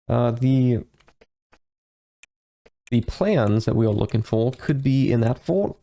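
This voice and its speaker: Gravelly-voiced man rambling over gameplay. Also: mid-range voice, warm tone. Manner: rambling, hesitant with fillers and restarts. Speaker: let's play host. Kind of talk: casual gameplay commentary.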